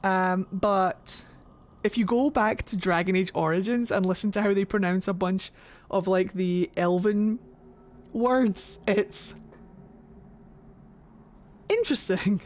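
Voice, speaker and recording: A woman's voice: medium pitch, fairly even intonation, moderate pace, darkish tone. Rambling Scottish woman game streamer. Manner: rambling, swears freely. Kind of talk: casual live-stream chat.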